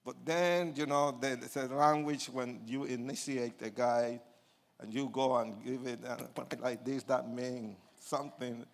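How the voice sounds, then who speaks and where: Slow-talking older man telling his story. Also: mid-range voice, fairly even intonation. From Puerto Rico. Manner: acts out quoted lines, swings from hushed to loud; jokes with the audience. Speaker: speaker giving his testimony. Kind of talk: dramatic storytelling testimony.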